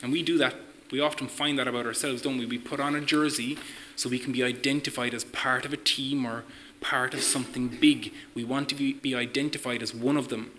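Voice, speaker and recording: A man's voice: mid-range voice, steady tone, a little fast, fairly bright tone, a little hiss or hum, low-quality recording. A man preaching a sermon, earnest, putting questions to his listeners as he reads from scripture.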